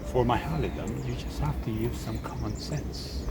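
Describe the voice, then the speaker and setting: A man's voice: medium pitch, normal speed. A man from Costa Rica with a Costa Rican accent and Spanish as his first language, a restaurant owner explaining local sayings to visitors in a playful, teasing, theatrical way. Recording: loud background music. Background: music.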